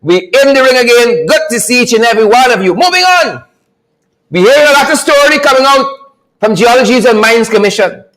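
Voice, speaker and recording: Man, very high voice, lively swooping pitch, mocking, repeats himself, livestream commentary. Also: brisk, rough recording. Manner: mocking, repetitive, animated. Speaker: livestream host.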